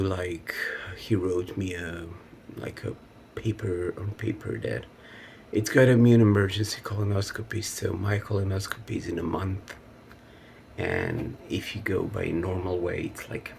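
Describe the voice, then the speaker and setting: Male vlogger, very deep gravelly voice, rambling and emotional, faint background hiss. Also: a little slow. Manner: emotional, rambling, laughs nervously. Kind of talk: personal video diary.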